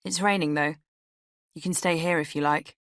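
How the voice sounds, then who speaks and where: An offhand young French man, pushy and coaxing, as a woman reads him. The voice stays low and matter-of-fact. It is dry and close to the mic. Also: fairly even intonation, moderate pace, fairly bright tone, no echo.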